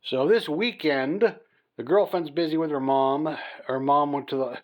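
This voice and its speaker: A man's voice: on the high side, a little slow, muffled recording. A man hosting a casual hobby vlog from home at night, tired and rambling, full of fillers and restarts as he talks to a phone camera. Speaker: hobby channel host. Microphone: phone camera on a mount.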